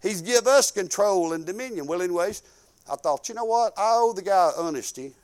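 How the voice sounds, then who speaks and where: Man, older, preacher, folksy, animated anecdotes, high voice, crisp. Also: a little fast. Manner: folksy, animated storytelling with acted-out quotes. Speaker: pastor. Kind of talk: storytelling sermon.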